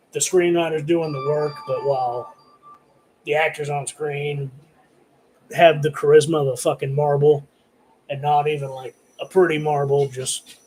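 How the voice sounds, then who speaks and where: Man with a slightly high voice for a horror-review vlog, cussing constantly and wandering off track. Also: darkish tone, poor audio. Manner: heavily profane, rambling, filler-laden. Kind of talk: rambling casual rant to camera. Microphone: camera recording himself.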